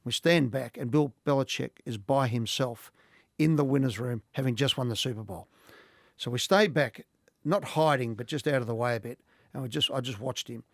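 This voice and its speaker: A middle-aged Australian man, a podcast guest, telling animated anecdotes in casual talk and laughing often. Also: medium pitch, moderate pace, dry recording, studio quality. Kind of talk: casual storytelling.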